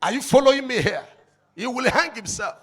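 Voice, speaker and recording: A man with a Nigerian accent preaching a sermon as an evangelist, swinging between shouted lines and low asides and asking the congregation rhetorical questions. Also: expressive, a little fast, slightly rough.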